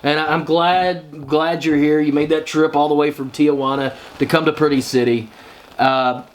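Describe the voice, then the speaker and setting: A man with a slightly high voice hosts a relaxed interview show. He talks eagerly, repeats phrases and gets choked up with feeling. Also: normal speed. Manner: enthusiastic, repeats himself, emotional. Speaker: host. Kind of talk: casual interview chat.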